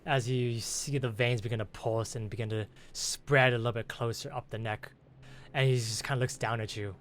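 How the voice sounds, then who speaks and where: A man's voice: mid-range voice, fairly even intonation, moderate pace. A young man, the game master, narrating a tabletop game in a casual storytelling way, with lots of 'kind of' and 'just'.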